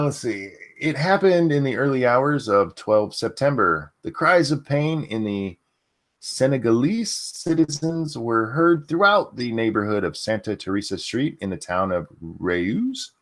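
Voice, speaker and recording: A man's voice: medium pitch, unhurried. A man hosting a casual livestream, reading news items aloud and reacting bluntly with swearing. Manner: blunt, swears freely, animated. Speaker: podcast host.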